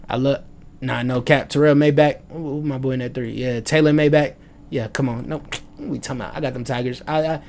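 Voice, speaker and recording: A man's voice: mid-range voice, steady tone, fairly quick, vocal fry, a little mellow. A young man at home, rambling loosely in slang through his sports predictions as a casual vlogger. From United States. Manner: loose, slangy, rambling and self-aware about rambling.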